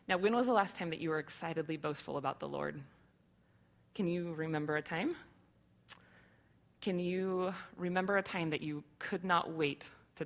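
Woman in her thirties, sermon, low-pitched, earnest, chatty, rhetorical questions. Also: a bit bright. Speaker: church speaker.

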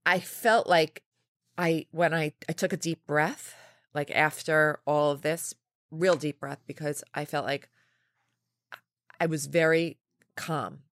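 Brief: woman in her 40s, low voice, lively storyteller, close dry mic. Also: dry recording. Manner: lively storytelling with laughs and quick restarts. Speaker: podcast guest, company founder. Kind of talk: casual interview chat.

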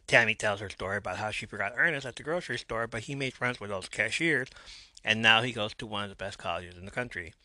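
A man's voice: fairly low pitch, fast talker, bright, forceful tone, dry recording. A man hosting a podcast, casually retelling a TV episode scene by scene and reading out the characters' lines. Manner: retells scenes and reads quotes with a few asides. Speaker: podcast host recapping a TV episode.

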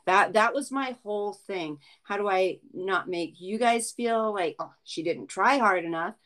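A woman's voice: medium pitch, measured pace, a bit bright, rough recording. Mom host talking to her viewers, stops and restarts a lot, earnest. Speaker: channel host, mother. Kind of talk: casual chat to viewers.

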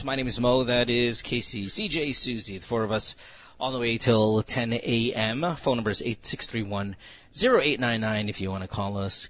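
A man's voice: mid-range voice, fairly bright tone. A man with a Filipino accent hosting a morning radio show, telling stories with frequent laughs. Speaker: radio host. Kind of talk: casual morning radio banter.

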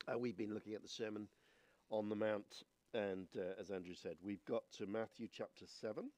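A man in his sixties with a croaky, hoarse voice, preaching a sermon and praying, measured and a little hesitant. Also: lowish voice, fairly even intonation, darkish tone, dry recording. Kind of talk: sermon with scripture reading and prayer. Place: church.

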